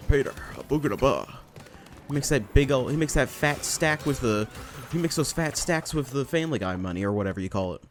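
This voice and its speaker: A man giving casual let's play commentary, excitable and self-mocking, swearing and laughing often into a desk microphone. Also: medium pitch. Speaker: gameplay commentator.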